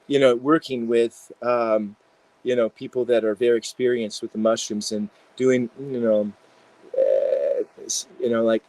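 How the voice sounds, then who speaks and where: A man, an integration psychologist, telling animated stories in a casual interview with many fillers. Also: mid-range voice, no room sound, rough recording.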